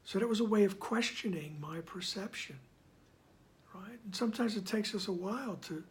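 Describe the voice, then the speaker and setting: A man giving reflective commentary on a spiritual text. He speaks softly, often slips into a whisper, and keeps checking in with "right?". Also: high-pitched. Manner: soft-spoken, often dropping to a whisper; unhurried, checks in with "right?" after each point. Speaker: spiritual study reader and commentator.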